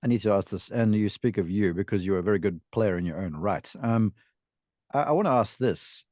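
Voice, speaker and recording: Male host, lowish voice, dry close sound, chatty storyteller. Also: a little fast, no echo. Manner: storytelling, animated asides. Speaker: podcast host, golf instructor. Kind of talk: casual podcast interview.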